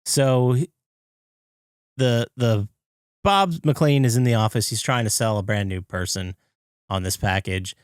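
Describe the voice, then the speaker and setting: A man co-hosting a podcast, retelling a movie scene by scene and jumping into high, excited impressions of the characters. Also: unhurried, pauses often, clear, resonant tone, no echo, clean studio sound. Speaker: podcast co-host. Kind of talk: casual movie recap chat.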